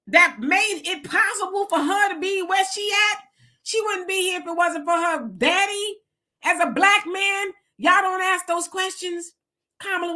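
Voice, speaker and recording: High, bright-voiced woman host ranting. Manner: emphatic, mocking, rapid rhetorical questions. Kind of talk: live-stream political commentary.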